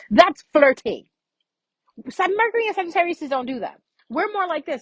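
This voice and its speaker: A woman's voice: high voice, very animated, normal speed, dry recording, low-quality recording. A woman giving a casual, frank astrology reading as a vlogger, chatty and freely swearing.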